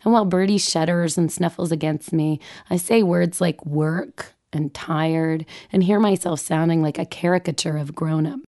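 A woman's voice: sits low, steady tone, normal speed, hardly any pauses, dark tone. A woman, a mother, reading her own personal essay aloud with wry, self-mocking humor. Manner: wry, self-mocking, vividly comic phrasing.

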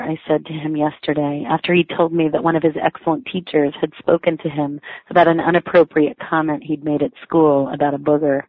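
Speaking a little fast in a low-pitched, flat voice, a writer reads her personal blog essay aloud. Her tone is lightly amused and self-mocking, and the dry, tinny audio resembles a phone, with no room sound.

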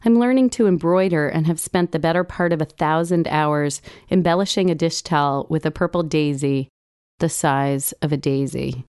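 A woman reading her own personal essay aloud, with wry, gently humorous storytelling. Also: low voice, normal speed, clear, resonant tone, no echo, clean studio sound. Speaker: blog writer reading her own entry.

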